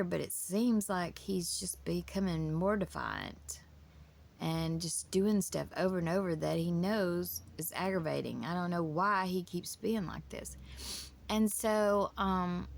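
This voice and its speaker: A woman's voice: on the low side, vocal fry. A woman, telling her family story in a casual, emotional, rambling way. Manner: emotional, rambling with many restarts.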